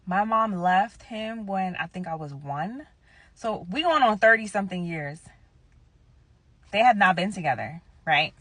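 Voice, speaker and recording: A woman's voice: medium pitch, animated, measured pace, fairly bright tone, dry recording. A woman in her thirties telling a personal story in a casual vlog. She talks bluntly and with emphasis, swears freely and speaks straight to her viewers. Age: 30s.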